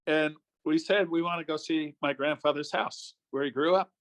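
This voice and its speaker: A man's voice: fairly high pitch, fairly even intonation, normal speed. An older man from New York State, a former politician, telling easygoing anecdotes as an interview guest. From New York State, USA. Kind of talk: casual interview storytelling.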